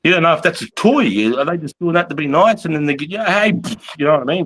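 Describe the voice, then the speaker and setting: Laughing often and swearing heavily, a man in his forties with an Australian accent rambles casually through his army war stories. His fairly high voice moves at a quick pace, with lively intonation and a slightly bright tone.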